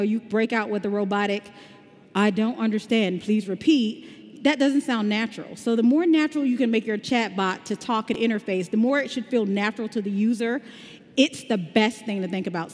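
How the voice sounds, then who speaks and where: A woman from the American South with a slight Southern drawl, giving an upbeat, conversational tech conference talk. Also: fairly high pitch. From Southern United States. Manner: upbeat, conversational, explaining step by step. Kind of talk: conference talk with live demo. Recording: long hall reverb.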